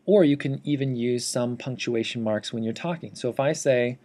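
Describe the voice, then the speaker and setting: A man teaching assistive technology in a screencast walkthrough, explaining in a steady, teacherly way. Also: medium pitch, moderate pace, hardly any pauses.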